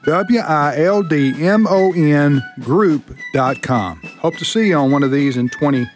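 Male radio promo voice, fairly high, brisk pitch, music bed. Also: expressive. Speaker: tour promoter in a radio spot.

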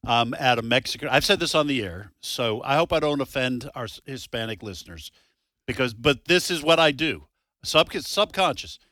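Middle-aged radio guy, bright punchy voice, chatty storyteller, dry close mic. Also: mid-range voice, expressive, moderate pace, no room sound. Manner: chatty storyteller, laughs easily. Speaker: radio show co-host. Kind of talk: casual talk radio banter.

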